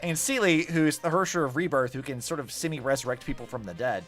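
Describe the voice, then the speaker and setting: A young man chatting casually while playing a game, with lots of fillers and quick asides. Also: mid-range voice. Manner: chatty, animated, many likes and fillers. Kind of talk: casual gameplay commentary. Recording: faint music behind. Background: faint game music.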